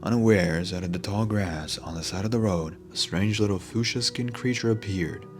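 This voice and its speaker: A man narrating a fantasy audiobook in a steady storytelling manner. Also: on the low side, moderate pace, soft background music. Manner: steady storytelling, voices every figure.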